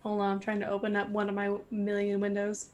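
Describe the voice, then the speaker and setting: A woman's voice: mid-range voice, monotone, fast, a little mellow. A woman playing in a tabletop game, chatty and giggly. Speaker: player. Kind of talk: casual game chat.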